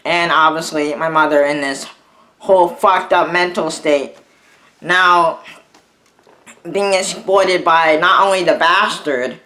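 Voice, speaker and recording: A young man telling a personal story in an angry, halting vlog rant, full of restarts and swearing. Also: fairly high pitch, bright, forceful tone, poor audio. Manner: halting and bitter, with frequent restarts and profanity. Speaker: vlogger.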